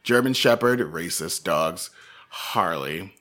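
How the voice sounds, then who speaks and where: Guy w a rambling thru a story, bright forceful voice, lots of likes and ums. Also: deep voice, slow pace. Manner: rambling, animated storyteller with many fillers. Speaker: podcast co-host. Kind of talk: casual chat.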